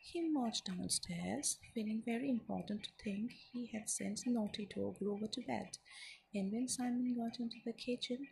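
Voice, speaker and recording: Soft-spoken woman, whispered ASMR storytelling. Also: on the high side, moderate pace, vocal fry, a little hiss or hum, low-quality recording.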